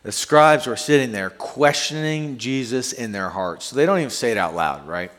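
A male pastor preaching a sermon to a congregation in a conversational, animated way. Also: medium pitch, normal speed. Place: church sanctuary. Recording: long hall reverb.

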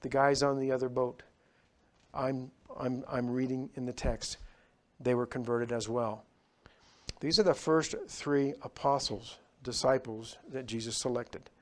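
Male pastor, sermon delivery, emphatic, swings from loud rises to hushed drops. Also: mid-range voice, fairly even intonation, a little slow.

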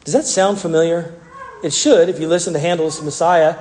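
Guy pastor preaching, high voice, lotsa restarts, big echoey church reverb. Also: brisk, a little hiss or hum. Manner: animated, repeats words and restarts phrases. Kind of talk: sermon. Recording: long reverb from a large hall.

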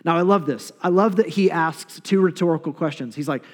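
A man preaching a sermon as a pastor, conversational and animated, with playful asides. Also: on the high side, brisk. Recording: long reverb of a large hall.

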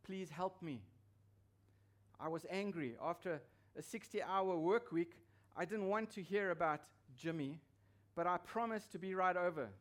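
A male pastor delivering a sermon in a fairly high voice. He presses his points with emphasis, repeating key phrases to drive them home. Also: moderate pace, few pauses.

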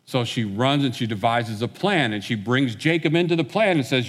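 A man's voice: mid-range voice, normal speed, hardly any pauses. Conversational male preacher in a reverberant hall. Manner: conversational storytelling, acting out quotes. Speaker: pastor. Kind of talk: sermon.

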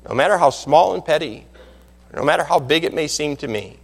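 A man preaching a sermon as pastor, emphatic, climbing to loud peaks and dropping low again. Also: animated, brisk, gravelly, slightly rough, long reverb tail.

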